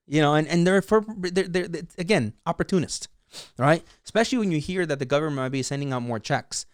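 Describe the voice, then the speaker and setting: Ranting man, smooth voice, dry sound. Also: fairly high pitch, brisk, no room sound. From San Diego, California, USA. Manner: heated ranting, full of "like" and "you know". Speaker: vlog host. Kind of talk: opinionated commentary.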